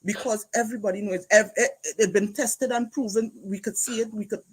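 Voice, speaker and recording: A woman's voice: medium pitch, steady tone, fairly quick, breathy edge, rough recording. A woman from Trinidad and Tobago with a Trinidadian accent, arguing insistently in a live-stream debate and repeating words to hold the floor.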